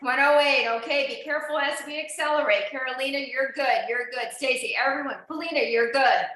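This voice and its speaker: A woman's voice: high voice, fairly quick, fairly bright tone. A woman instructor coaching an indoor cycling class, encouraging riders and checking in on each of them by name. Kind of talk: live online fitness class coaching. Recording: very echoey room.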